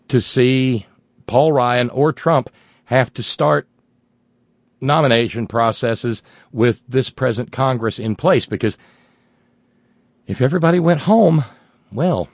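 A man's voice: medium pitch, no echo. Sardonic folksy male radio host. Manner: sardonic, folksy, bursts into loud exclamations. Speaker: radio talk show host. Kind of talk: political talk radio commentary.

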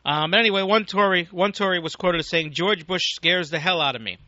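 A man's voice: high voice, brisk, pushed and bright, no echo. An American man giving an angry, profane, rambling political rant as a talk radio host, on a dull lo-fi recording. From United States.

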